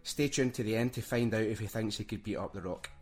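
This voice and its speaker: A man's voice: fairly low pitch, fast, a little mellow, faint music behind. A man with a thick Scottish accent hosting a podcast, chatty and jokey. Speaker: podcast host. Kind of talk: casual chat.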